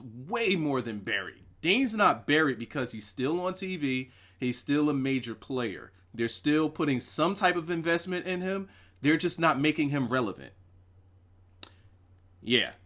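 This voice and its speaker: A young man talks through a wrestling show on a casual livestream, his voice sitting a bit high and swinging widely up and down. He swears freely and repeats phrases to hammer home his points. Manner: animated, profane, emphatic repetitions. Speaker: wrestling show reviewer, host.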